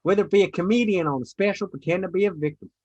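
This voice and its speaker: Brief: man with a husky high voice, reflective monologue, dry lo-fi sound. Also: very fast, darkish tone, dry recording.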